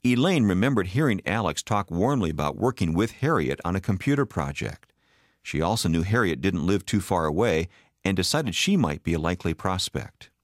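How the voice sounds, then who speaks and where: A man reading a story aloud as an expressive audiobook narrator. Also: low-pitched, brisk, no room sound, clean studio sound.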